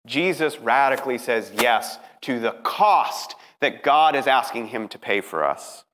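A man preaching a dramatic sermon, emphatic, moving from hushed passages to rising ones. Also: mid-range voice, lively intonation, measured pace. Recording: preaching in a reverberant hall.

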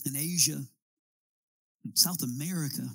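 A man's voice: on the high side, moderate pace, vocal fry, a bit bright, no room sound, poor audio. A man preaching a sermon as a pastor, building his points with emphatic, rising appeals.

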